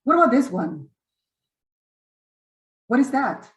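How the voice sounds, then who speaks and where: A woman's voice: high voice, sing-song, slow pace, echoey room, slight background noise, rough recording. Encouraging woman teaching English online. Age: middle-aged. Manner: encouraging, repeats and corrects students. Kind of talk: online webinar class. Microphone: video call.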